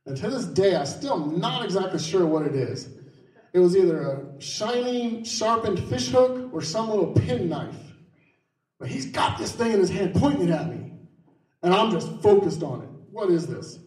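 A man telling a personal story in the first person, quick in some stretches and slow in others. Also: high-pitched, expressive, a little mellow, distant mic. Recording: roomy, voice set back from the mic.

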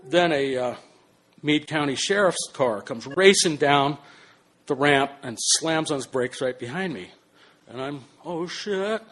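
An older man telling a personal story in an animated, swearing way, swinging between hushed and loud. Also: medium pitch, a little slow. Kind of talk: spoken personal anecdote.

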